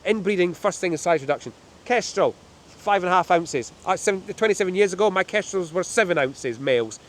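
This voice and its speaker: Middle-aged male falconer, quick and light-voiced; chatty demonstrator who slips into jokey anecdotes, recorded outside on a breezy hill. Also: high-pitched. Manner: chatty, joking, animated anecdotes. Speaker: falconer showing birds of prey. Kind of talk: hands-on demonstration with storytelling. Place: outdoors on a windy hilltop.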